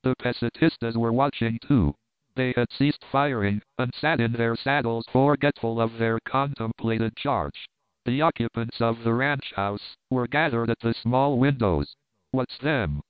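Casting: man, audiobook narrator, smooth clear voice, dry, thin phone-like recording. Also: mid-range voice, unhurried, dry recording. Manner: steady, even storytelling. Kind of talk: scripted narration.

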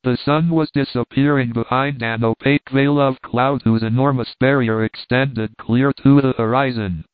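A man narrating an adventure storybook in a steady, measured reading. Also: medium pitch, no echo. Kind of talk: audiobook narration. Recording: tinny, phone-like and dry.

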